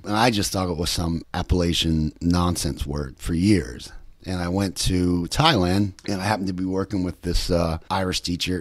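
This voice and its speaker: A man's voice: deep voice, darkish tone, dry recording. A man from West Virginia with a light West Virginia accent, hosting a podcast in a rambling, easygoing way with chuckles. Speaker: podcast host. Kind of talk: casual solo podcast talk.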